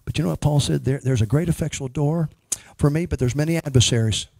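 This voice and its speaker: A man's voice: a little high, fast talker, gravelly, warm tone, no echo. A man ministering as a prophet, speaking emphatically and praying over a woman in church. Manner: emphatic, prays over a person.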